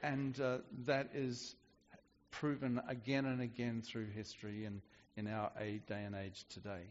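A man's voice: mid-range voice, level tone, measured pace, big-room sound, lo-fi sound, slight background noise. A man preaching a sermon in a conversational way, often restarting his sentences. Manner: conversational with frequent restarts and fillers.

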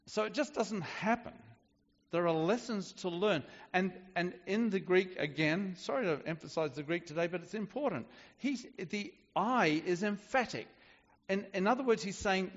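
A man's voice: sits high, moderate pace, big-room sound, highs cut off. A man preaching a sermon in a conversational way, often restarting his sentences. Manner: conversational with frequent restarts and fillers.

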